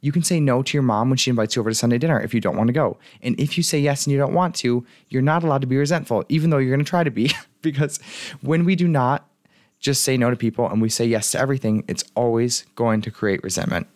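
A man's voice: mid-range voice, quick pace, a little mellow, dry recording, studio quality. A man speaking as a life coach in a frank, chatty motivational monologue, telling stories from his own life.

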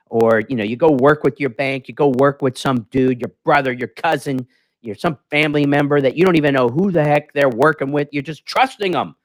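Animated ranting man hosting a business show. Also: mid-range voice. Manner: ranting, emphatic, acts out calls. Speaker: host. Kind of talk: casual business talk.

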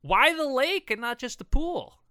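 A man's voice: extremely high pitch, sing-song, unhurried, pushed and bright, smooth, no echo, clean studio sound. A man co-hosting a casual comedy podcast, joking and self-deprecating in his banter. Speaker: podcast co-host.

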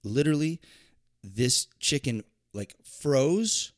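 A man chatting casually as a podcast co-host, telling a story in a relaxed, conversational way. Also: mid-range voice, takes it slowly. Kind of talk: casual chat.

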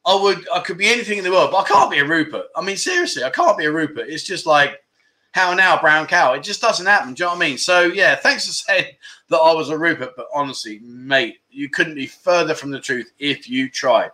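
Bright, chatty man hosting. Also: on the high side, expressive, a little fast. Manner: chatty, jokey, reads out viewer comments; slangy, banter-heavy. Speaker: livestream host. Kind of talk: casual livestream chat.

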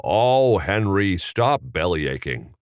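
Casting: a man doing a genial, stammering old-movie-star drawl, lively swoops, dry sound. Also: low-pitched, takes it slowly, no room sound, exaggerated voice. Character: Jimmy Stewart impression, folksy stammering middle-aged man.

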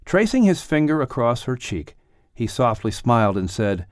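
A man reading an audiobook aloud in calm, measured scripted narration. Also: medium pitch, no echo, clean studio sound.

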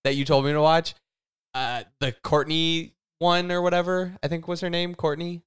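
A man's voice: a little high, level tone, normal speed, a bit bright, smooth. A man in casual chat, blunt and swearing freely.

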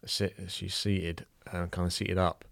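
Irish man, young adult, deep low voice, dry close sound, halting emotional storytelling. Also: level tone, gravelly, a bit bright, no echo. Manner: halting, emotional, many restarts and fillers. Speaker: new father telling a birth story. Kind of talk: personal storytelling, casual.

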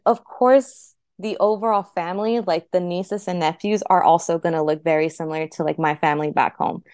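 A woman's voice: on the low side, darkish tone, smooth, dry recording, studio quality. A young woman guest, chatty and heartfelt, telling her story and saying "like" often. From United States. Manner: chatty, heavy use of "like", heartfelt. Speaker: interview guest. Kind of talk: casual personal storytelling.

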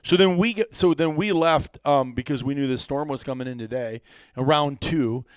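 A man casually telling a hunting story among friends, animated and rising sharply when incredulous. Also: medium pitch, normal speed, smooth, dry recording, clean studio sound.

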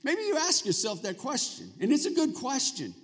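A man's voice: very high voice, wildly swooping pitch, moderate pace, fairly bright tone, breathy edge. A male pastor preaching a sermon in a church, talking conversationally and prompting the congregation to answer back. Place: church sanctuary. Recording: long reverb of a large hall.

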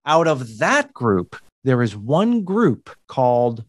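A man's voice: medium pitch, big pitch swings, slow pace, no room sound, studio quality. A man from the United States, a communication coach, explaining things in a podcast interview with occasional laughs.

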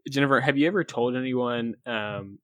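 A man's voice: mid-range voice, moderate pace, a bit bright, no echo, clean studio sound. A man co-hosting a casual movie podcast, joking and swearing freely with friends. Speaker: podcast co-host. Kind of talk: casual chat.

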